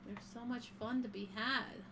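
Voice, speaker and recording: A woman's voice: fairly high pitch, steady tone, normal speed, background noise. A woman chatting casually while streaming a game, reacting with dry amusement. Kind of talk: casual chat while gaming.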